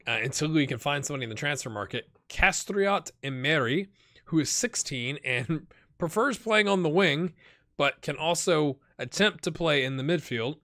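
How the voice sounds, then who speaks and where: Chatty man with a cold, bright voice. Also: a little high, expressive, normal speed. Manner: chatty, thinking aloud, wry asides. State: has a cold. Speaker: game commentator. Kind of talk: casual let's play commentary.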